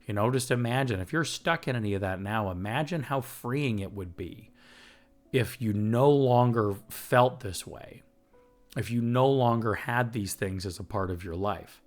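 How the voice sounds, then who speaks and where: A man's voice: fairly low pitch, a little slow, faint music behind. A man hosting a recovery podcast, talking earnestly and getting fired up, with the odd swear and laugh. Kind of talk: reflective recovery podcast talk.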